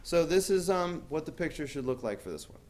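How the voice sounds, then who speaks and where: A man's voice: a little high, big pitch swings, fairly quick, darkish tone, slight background noise. A man teaching a math class, talking casually with lots of fillers and asking students questions. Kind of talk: classroom lecture.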